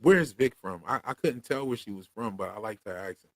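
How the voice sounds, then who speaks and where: A man's voice: fairly low pitch, expressive, brisk, dry recording. A man from Pennsylvania with a Philadelphia accent, co-hosting a loose, slangy livestream chat and reading viewer comments aloud. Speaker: podcast co-host.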